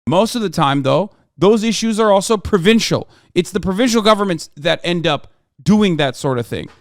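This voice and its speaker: A man on a live stream tearing into an opponent's argument, heated and full of curses. His voice sits a little high and sounds smooth and crisp. It is recorded close and dry, with no room sound. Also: lively intonation, normal speed, no echo. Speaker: political streamer. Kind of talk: live-stream reaction rant.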